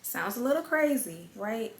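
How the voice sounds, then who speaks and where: A woman's voice: fairly high pitch, lively intonation, measured pace. A woman giving a casual motivational talk to her viewers, chatty and direct, often calling the listener "girl" and repeating words for emphasis. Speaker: vlogger. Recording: echoey room with faint ambient noise.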